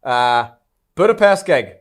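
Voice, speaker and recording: A man's voice: medium pitch, very animated, slow. A young man, chatting casually as a podcast co-host, with dry remarks and easygoing agreement. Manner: laid-back, dry remarks, says "aye" a lot. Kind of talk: casual chat.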